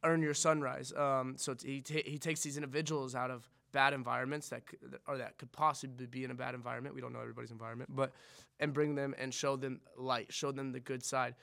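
Gravelly fast-talking man, earnest and rambling. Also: medium pitch, level tone, pushed and bright. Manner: earnest, rambling, profane, many restarts. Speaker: podcast guest. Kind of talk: casual podcast chat.

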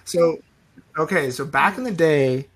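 Relaxed man telling rambling stories. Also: on the high side, unhurried. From Canada. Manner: relaxed, rambling anecdotes, self-deprecating. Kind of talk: casual storytelling chat.

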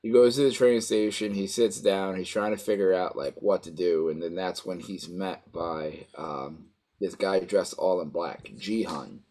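A man's voice: deep voice, steady tone, unhurried, dark tone. A man casually recapping a story, rambling with many fillers and acting out quoted lines. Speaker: co-host recapping a show. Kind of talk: casual chat.

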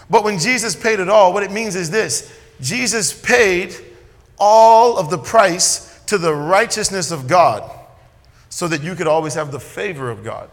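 Animated preaching man in a hall. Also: high-pitched, measured pace. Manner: animated preaching, swinging between loud emphasis and quiet asides. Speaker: pastor. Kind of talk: sermon.

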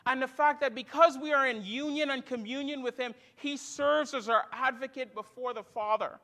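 Male pastor, 30s, sermon delivery with storytelling and acted quotes; very high, bright tone. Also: moderate pace.

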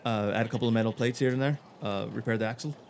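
A man's voice: lowish voice, slight background noise, close to an everyday voice. A man voicing a blunt male dwarf blacksmith, speaking matter-of-factly with many fillers. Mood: businesslike. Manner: matter-of-fact, halting with fillers.

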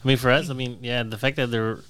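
A man's voice: mid-range voice, level tone, quick pace, a crowd in the background. A young man chatting casually in a laid-back way, hedging often and swearing freely. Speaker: podcast co-host, delivery driver. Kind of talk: casual chat.

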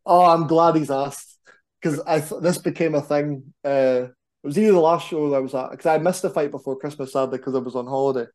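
A man, a wrestler, chatting casually as a podcast guest in an animated, rambling, self-deprecating way. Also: fairly high pitch, fairly quick. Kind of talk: casual chat.

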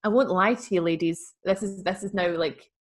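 A woman's voice: mid-range voice, moderate pace. A woman who co-hosts a podcast, reading a listener's letter aloud in a chatty, wry way and laughing easily. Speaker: podcast co-host.

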